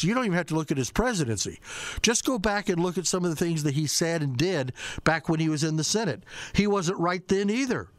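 A man's voice: a little high, expressive, fairly quick, dry recording. A man hosting political talk radio, combative and sarcastic, firing off rhetorical questions.

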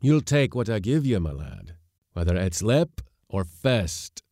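A man reading aloud and growling as a huge, rough-tongued sea skipper who bullies his mate. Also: low-pitched, big pitch swings, a little slow, dark tone, dry recording, studio quality, heavily acted. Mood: bullying. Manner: growling, gruff and taunting.

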